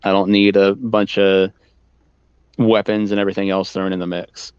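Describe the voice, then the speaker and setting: Laid-back podcast co-host, man, low smooth voice, dry muffled recording. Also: little pitch movement, normal speed, dry recording. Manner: laid-back, swears casually, uses filler words. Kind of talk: casual chat.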